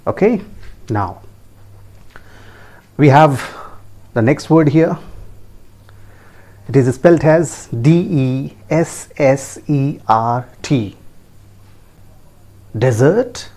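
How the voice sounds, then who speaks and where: A man's voice: medium pitch, slow, pauses often, darkish tone. A man with an Indian English accent teaching pronunciation, spelling words letter by letter and checking in with rising questions. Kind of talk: pronunciation lesson.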